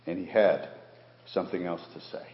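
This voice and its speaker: Pastor, male, low voice, sermon style, moves between emphatic and hushed, dull recording from a church hall. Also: fairly even intonation, normal speed. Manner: quotes scripture, swings between raised emphasis and hushed delivery. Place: church sanctuary during an evening service. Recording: echoey hall, dull lo-fi sound.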